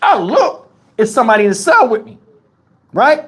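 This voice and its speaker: A man hosts a livestream and tells a story in an animated, profane and colloquial way. His voice is husky, and his pitch rises and falls a lot. He is recorded on a clip-on lapel mic. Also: a little slow, long pauses. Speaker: channel host. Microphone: wireless lapel mic.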